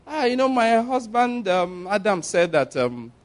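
A naive woman answering haltingly, with many pauses and fillers. A male preacher plays her, his voice high and lively. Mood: hesitant. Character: hesitant, innocent first woman.

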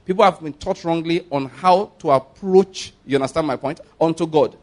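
A man preaching a sermon, slowing down to read scripture with stress and hurrying through his asides to the congregation. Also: fairly high pitch. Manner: calls on the congregation to repeat and notice.

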